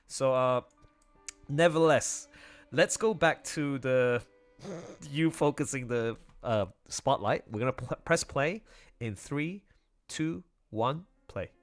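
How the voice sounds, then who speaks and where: A man hosting a casual livestream as its video editor, animated and laughing often, with quick restarts. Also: medium pitch, soft background music.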